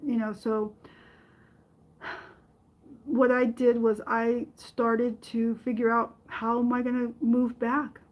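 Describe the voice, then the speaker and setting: A middle-aged woman hosting a podcast, telling a personal story in a halting way with many fillers and restarts. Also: fairly high pitch, darkish tone, rough recording. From from another country. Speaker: podcast host.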